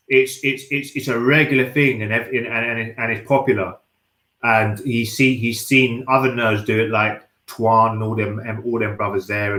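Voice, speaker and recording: A man in a casual chat, talking in a measured, halting way and repeating words as he goes. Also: medium pitch, a bit bright. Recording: roomy echo.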